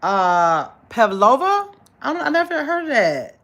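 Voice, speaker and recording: A woman's voice: a little high, big pitch swings, a bit bright. Chatty middle-aged woman reading comments. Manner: chatty and easygoing, with frequent "let me see" pauses while reading. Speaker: channel host. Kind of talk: casual livestream chat, reading viewer comments aloud.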